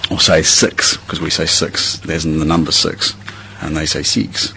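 This is a young man with a New Zealand accent and a very deep voice that hardly rises or falls. He talks in a relaxed, rambling way, full of ums and half-started phrases. A light hiss sits under the recording. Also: fairly quick, gravelly, poor audio. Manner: relaxed, rambling, many fillers and restarts. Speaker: interviewee. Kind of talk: reading a passage, then casual chat.

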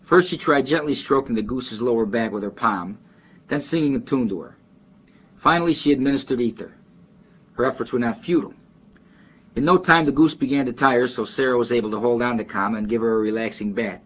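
Chicago guy, husky voice, rambles and restarts, bit muffled lo-fi sound. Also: medium pitch, brisk. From Chicago, near West Side. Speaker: dialect archive speaker. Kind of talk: reading a passage, then casual talk.

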